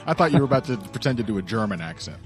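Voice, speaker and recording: 男性ポッドキャスト司会者、冗談好きで低めの声. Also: male voice, fairly low pitch, sing-song, very fast, soft background music. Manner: jokey, laughs often. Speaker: podcast host. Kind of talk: casual podcast chat.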